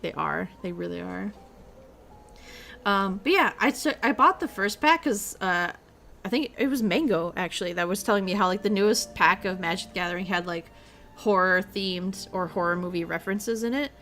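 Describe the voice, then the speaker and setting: Young woman streamer rambling on casually, drops swears a lot, mid-pitched voice, soft music in the back. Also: moderate pace, creaky. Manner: rambling, chatty, swears freely. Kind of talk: casual chat.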